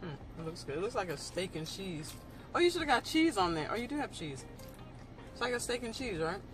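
A woman's voice: medium pitch, sing-song, brisk, over music. A woman vlogging casually with her daughter over a meal, chatty and teasing. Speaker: vlogger mother. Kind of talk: casual chat. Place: restaurant. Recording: noisy restaurant, distant phone mic.

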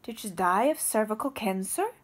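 A woman voicing a calm male cancer researcher, dropping her voice lower and keeping it steady. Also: moderate pace, lightly acted. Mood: eager.

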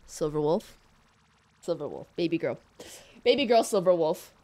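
A young woman streaming a game live, excitable and talking straight to her chat, often repeating her exclamations. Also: sits low, moderate pace. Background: faint game music.

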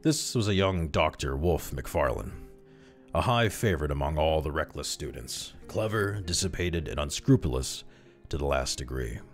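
A man reads a classic horror story in a measured, steady narration. His voice sits extremely low. Soft music plays faintly underneath. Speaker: audiobook reader.

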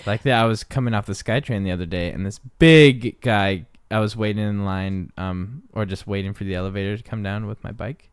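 A man with a fairly low voice chats as a podcast co-host, drifting through anecdotes with stops and restarts. He slips into little acted-out quotes along the way. The mic sound is close and dry. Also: smooth, no room sound. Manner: rambling storyteller, halting restarts, acts out quotes. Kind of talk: casual chat.

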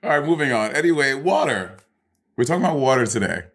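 A man's voice: medium pitch, sing-song, quick pace, a bit bright. A man co-hosting a podcast in casual chat, blunt and swearing, trying to move the talk along. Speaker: podcast co-host.

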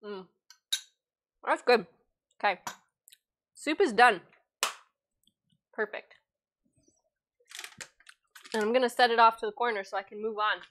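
A chatty woman talks her way through a cooking livestream, voice sitting a little on the high side. She reads viewer comments aloud between steps, close on a lavalier mic in her home kitchen. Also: steady tone, unhurried, pauses often, a bit bright, slight background noise. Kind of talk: casual livestream cooking chat.

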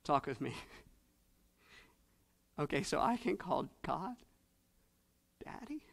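A male pastor preaching a sermon in church, moving between soft, low asides and loud, rising exhortation with repeated emphatic phrases. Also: sing-song, takes it slowly, gravelly. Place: church sanctuary.

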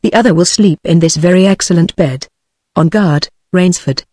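A synthetic British woman's voice reading the lines of a suave aristocratic male hunter general in a story, with an even machine delivery. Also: lowish voice, moderate pace, dry recording, clean studio sound, close to an everyday voice. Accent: British English.

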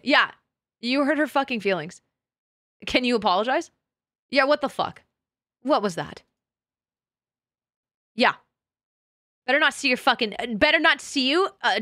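A woman streaming a game, chatting with her audience in a giggly, excitable way full of crude jokes. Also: fairly high pitch, no echo, studio quality. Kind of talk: casual live-stream chat.

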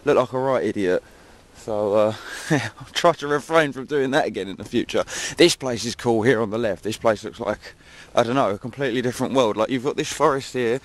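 A man from England chats jokily to the camera as he walks among dunes and woods, poking fun at himself in casual vlog narration. His voice is medium-pitched and fairly quick, captured in a noisy outdoor camera recording.

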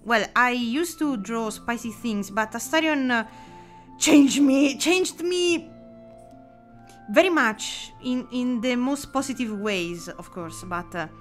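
Giggly high-voiced Italian woman streamer. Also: a bit bright. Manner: giggly, chatty, frequent fillers and restarts. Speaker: streamer drawing live. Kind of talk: casual live-stream chat.

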